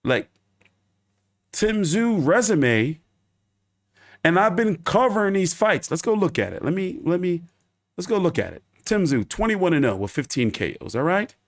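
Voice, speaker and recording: Guy ranting live about boxing, kinda high voice, swings all over, swears a lot. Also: very animated, measured pace. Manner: profane, emphatic ranting with repetition. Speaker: boxing YouTube host. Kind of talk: live boxing commentary rant.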